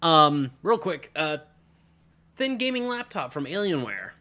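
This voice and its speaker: A man's voice: fairly high pitch, big pitch swings, unhurried, bright, forceful tone. A man co-hosting a casual podcast chat, loose and profane, trailing off and laughing. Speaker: podcast co-host.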